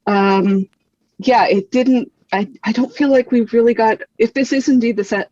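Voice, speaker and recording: A woman's voice: on the high side, moderate pace, mellow, no room sound, highs cut off. A woman appearing as a podcast guest in casual chat, with a wry, joking manner.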